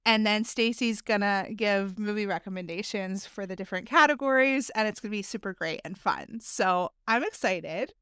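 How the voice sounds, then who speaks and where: A woman's voice: medium pitch, moderate pace, hardly any pauses, a bit bright, clean tone, no room sound, studio quality. A woman co-hosting a casual podcast, chatting in a giggly way with plenty of fillers. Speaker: podcast co-host.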